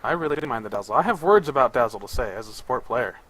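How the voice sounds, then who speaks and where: A man's voice: mid-range voice, lively intonation, very fast, a crowd in the background, rough recording. A man co-commentating an esports draft, analytical and a bit hesitant, thinking aloud as he talks. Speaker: co-caster.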